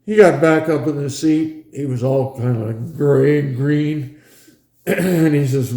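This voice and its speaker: Older man spinning a roomy, mellow yarn. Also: a little high, slow. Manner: chatty, chuckling, acts out scenes with gestures. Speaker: former pilot recounting a research flight. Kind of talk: casual reminiscing storytelling. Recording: roomy echo.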